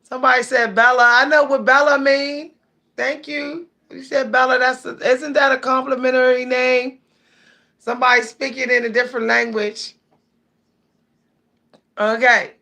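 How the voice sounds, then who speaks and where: Bright-voiced woman chatting on a livestream. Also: sits high, flat delivery, normal speed, long pauses. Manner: chatty, reads viewer comments aloud. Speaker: livestream host. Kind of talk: casual livestream chat.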